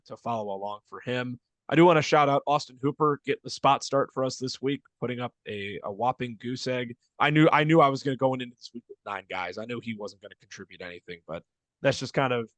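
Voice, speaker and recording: A man's voice: medium pitch, a bit bright, no room sound. A man co-hosting a fantasy football podcast, talking loosely and chattily with frequent restarts. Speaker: podcast co-host. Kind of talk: casual sports podcast chat.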